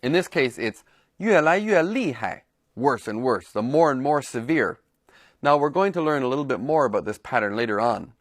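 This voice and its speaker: A man's voice: medium pitch, lively intonation, moderate pace, dry recording, studio quality. A man teaching a language lesson, explaining words and repeating example phrases in a scripted narration.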